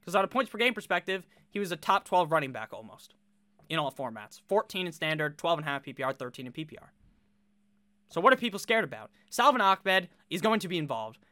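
A man's voice: a little high, big pitch swings, quick pace, bright, forceful tone, no room sound. A man giving casual fantasy football commentary, talking bluntly, swearing freely and rattling off statistics.

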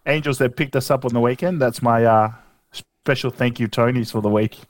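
A man's voice: medium pitch, a little fast. A young Australian man co-hosting a podcast, telling a rambling, laughing anecdote in casual chat. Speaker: podcast co-host.

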